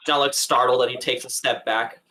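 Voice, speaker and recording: Guy at a tabletop game, bright sharp voice, lots of uhs while he describes moves. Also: medium pitch, fairly even intonation, normal speed. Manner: hesitant, filler-heavy describing of actions. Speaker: player. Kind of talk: casual tabletop play.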